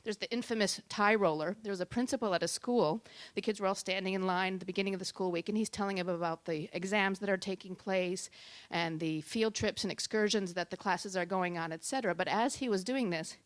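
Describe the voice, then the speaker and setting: A woman giving a talk on public speaking at a tech meetup, lively and shifting between loud and soft for emphasis. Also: mid-range voice, brisk, hardly any pauses, no room sound. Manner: lively, varies loudness and pace for emphasis.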